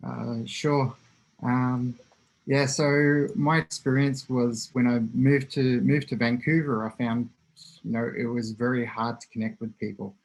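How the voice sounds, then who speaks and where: Man, from Australia, student, video call, husky, flat intonation. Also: medium pitch, a little slow, rough recording. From regional Australia. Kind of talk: answering in class discussion.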